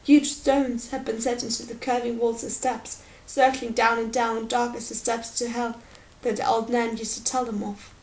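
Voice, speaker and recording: A woman narrates a fantasy audiobook in a steady, measured way. Her voice sits a little above most women's. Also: on the high side, low-quality recording. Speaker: audiobook reader.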